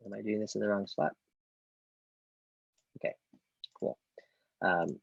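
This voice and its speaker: Low gravelly man teaching code. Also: steady tone, a little fast, long pauses, a little mellow, no echo, highs cut off. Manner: thinks aloud with many ums, self-corrections. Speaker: coding instructor. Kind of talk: casual live-coding tutorial.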